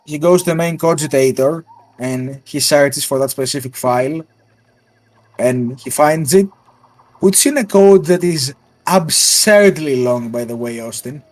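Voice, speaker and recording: A man's voice: on the high side, unhurried. A man narrating a tabletop role-playing game as game master, descriptive with fillers and asides.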